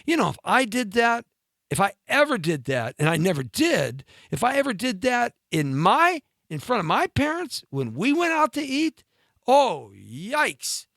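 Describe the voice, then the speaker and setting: A talk-show host man delivers a comic rant, his voice swooping up and down in mockery. He sounds high and bright, with a sharp edge. The recording is close and dry. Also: a little slow, creaky, no echo. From mixed Latin and Scottish-Irish heritage. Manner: animated, ranting, mocking with sudden pitch jumps. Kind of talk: comedic monologue rant.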